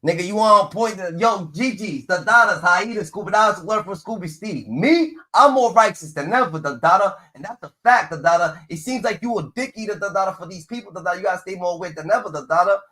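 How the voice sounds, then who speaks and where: A man's voice: high voice, fairly quick, few pauses, sharp tone. A man streaming a profane, mocking rant in reaction to clips, padding his lines with repeated filler chants. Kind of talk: ranting reaction commentary.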